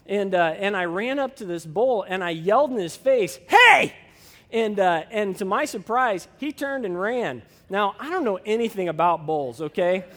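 A man's voice: high voice, in a large hall. A man pastor preaching a sermon and telling a personal story in a folksy way, with many fillers.

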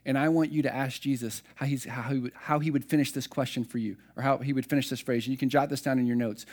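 A man's voice: mid-range voice, steady tone, fast talker, few pauses, darkish tone. A middle-aged man preaching a sermon, telling personal stories in a conversational, self-deprecating way. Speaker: pastor.

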